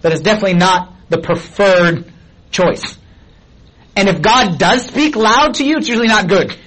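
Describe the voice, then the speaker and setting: A man's voice: high-pitched, normal speed, fairly bright tone, low-quality recording. A middle-aged man preaching a sermon as a pastor, talking in a conversational way and asking many questions of his listeners.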